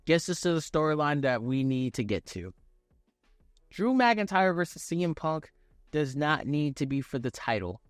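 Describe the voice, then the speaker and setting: A young man talks through a wrestling show in a loose, animated, profane way, full of slang. His voice sits somewhat high and is recorded dry and close. Soft music plays faintly underneath. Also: normal speed, dry recording. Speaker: wrestling review host. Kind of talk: casual video review.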